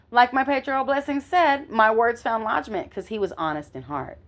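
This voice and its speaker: A middle-aged woman telling a personal story in an animated way, often checking in with the listener. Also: on the high side, moderate pace, hardly any pauses. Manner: animated, constantly checks in with "okay?".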